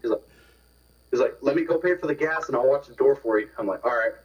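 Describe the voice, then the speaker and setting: A man's voice: medium pitch, fast. A man casually telling a long rambling story, repeating words and swearing as he goes. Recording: distant, dull radio phone-in sound.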